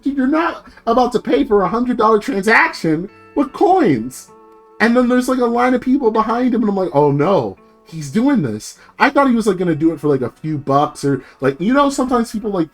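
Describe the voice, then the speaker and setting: Slangy, swearing young man ranting. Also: sits high. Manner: profane, slangy, acts out quoted people. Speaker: VTuber streamer. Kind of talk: casual ranting story to stream chat.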